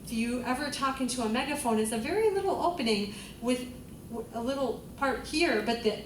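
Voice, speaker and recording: A woman's voice: sits high, lively intonation, fairly quick, a little hiss or hum. Woman vocal coach in a roomy hall. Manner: encouraging, demonstrates vowels by singing. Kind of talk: group singing lesson. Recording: roomy, distant mic, loud music.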